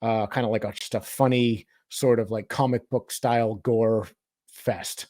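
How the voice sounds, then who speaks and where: A man's voice: lowish voice, steady tone, unhurried, dark tone, no room sound, clean studio sound. A man hosting a movie review podcast, talking casually in a rambling way, often restarting and hedging his points. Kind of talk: casual chat.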